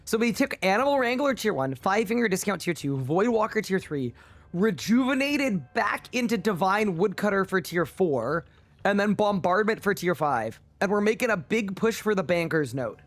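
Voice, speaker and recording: A man's voice: high-pitched, animated, normal speed. A man streaming a game live, bantering with his chat in a playful, incredulous way. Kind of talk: casual livestream chat with viewers.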